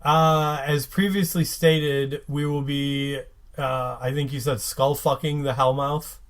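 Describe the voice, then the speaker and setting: A man co-hosting a podcast, reading episode credits in an unhurried way with hesitant fillers. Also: mid-range voice, flat delivery. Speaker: podcast co-host.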